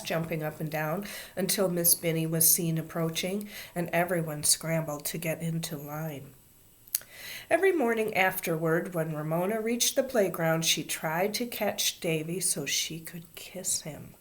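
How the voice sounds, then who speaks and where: A woman with a lowish voice reading a children's chapter book aloud. She tells the story expressively, lifting and dropping her voice to bring the scenes to life. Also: a little slow. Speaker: reader.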